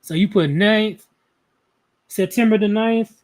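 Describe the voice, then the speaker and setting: A man in his thirties doing live energy readings on a stream, talking in a rambling, profane, casual way and counting his math out loud. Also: sits high, slow.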